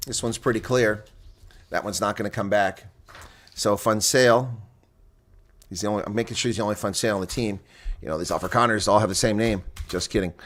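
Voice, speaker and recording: Excitable male rugby commentator. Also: brisk, pauses often. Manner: excitable, jumps up high at big plays. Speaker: live reaction commentator. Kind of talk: live rugby play-by-play commentary.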